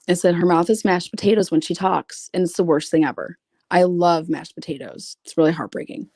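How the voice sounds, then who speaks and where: Woman on a stream, low-ish mellow voice, super blunt and sweary, reads out messages and snarks at them, dry sound. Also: no room sound. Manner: blunt, profane, sarcastic; reads messages aloud with asides. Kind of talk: casual livestream commentary.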